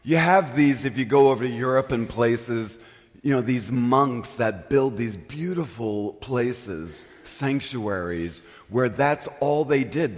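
A male pastor tells a story from the pulpit at an unhurried pace, his pitch swinging widely as he acts out his own embarrassment. His voice carries the long reverb of a large church hall, and his delivery is animated and self-mocking. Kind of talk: storytelling sermon.

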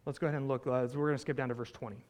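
A pastor delivers a conversational sermon, retelling a scripture story with animated asides and frequent "right?" check-ins. He has a mid-range voice and races through his words.

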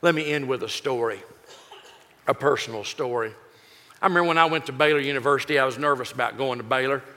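A man's voice: mid-range voice, fast talker. A man, telling a folksy, joking personal story in a sermon. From Texas. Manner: folksy, joking, lively delivery. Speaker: pastor. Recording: echoey hall reverb.

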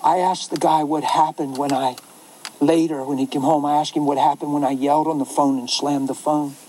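A man who is a pastor, telling a story in an animated way, laughing often and acting out the voices of others. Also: fairly high pitch, fairly quick, a little hiss or hum, low-quality recording. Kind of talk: storytelling talk.

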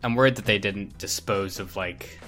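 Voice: low voice, moderate pace, fairly bright tone, faint music behind. Dry-humored podcast co-host. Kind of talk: casual podcast banter.

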